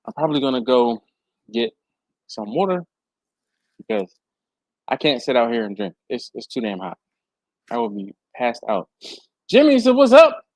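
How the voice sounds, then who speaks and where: Talking at normal speed with frequent pauses, a man livestreams from his warm garage, fan and air handler going. He's hot and sweaty, chatty, reading viewer comments out loud, laughing often with lively pitch swings, and no room sound is audible.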